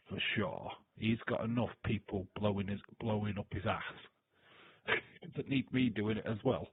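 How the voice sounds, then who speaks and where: A man's voice: lowish voice, husky, no room sound. A man hosting a live stream, chatting loosely with viewers, reading their comments, swearing and laughing as he goes. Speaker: live-stream host reacting to wrestling. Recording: tinny phone-like dry sound.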